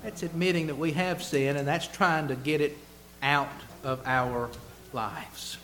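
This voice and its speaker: A man preaching a sermon, emphatic, asking rhetorical questions and swinging between loud stresses and hushed asides. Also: on the high side, fairly even intonation, a little slow, a little hiss or hum.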